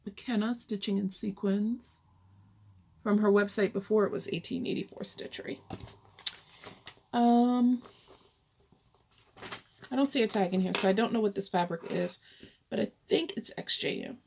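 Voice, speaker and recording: A woman's voice: mid-range voice, measured pace, gravelly, long pauses, a little mellow, a little hiss or hum. A woman chatting casually as she shows her cross-stitch projects, thinking aloud and rambling as she goes. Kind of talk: casual show-and-tell.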